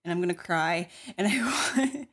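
A woman's voice: on the low side, lively intonation, moderate pace, a bit bright. A young woman streamer, giggling often as she reads out donations in casual chat. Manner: giggly, laughs often between words.

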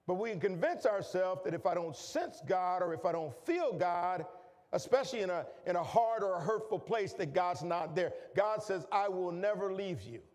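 A man preaching a sermon as pastor, repeating phrases, calling for the congregation to say lines back, and rising to shouts. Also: high-pitched, animated, moderate pace, big-room sound. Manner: repetitive, call-and-response, builds to shouting. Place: church sanctuary.

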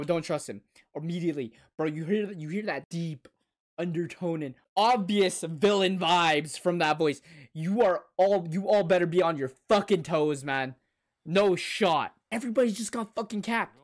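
A man reacting to an anime episode, excitable and profane, shouting and gasping and talking back to the characters on screen. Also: on the high side. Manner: excitable, swears a lot, bursts into shouts and gasps. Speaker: anime reaction channel host. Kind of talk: live reaction commentary.

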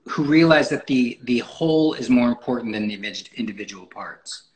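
A man's voice: medium pitch, lively intonation, normal speed, crowd noise, low-quality recording. A man talking as a guest in a casual interview, rambling with many fillers and restarts. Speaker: photographer guest. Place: podcast recording.

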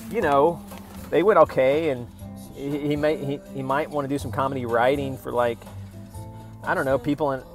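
A man's voice: mid-range voice, steady tone, moderate pace, over music. A man from Oklahoma doing a rambling, sarcastic stand-up bit, mocking what he reads with put-on voices. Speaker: comedian.

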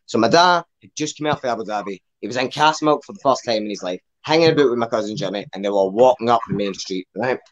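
At an online open mic, a young Glaswegian comedian barrels through a meandering set packed with swearing, tacking "man" onto his lines. He's animated and fast with hardly a pause, his mid-range voice muffled by the recording.

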